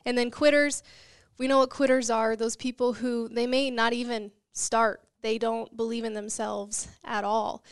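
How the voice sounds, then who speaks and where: Earnest young woman with a smooth voice. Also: on the high side, flat delivery, normal speed, no echo, studio quality. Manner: earnest, motivational storytelling. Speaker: guest. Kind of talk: interview conversation.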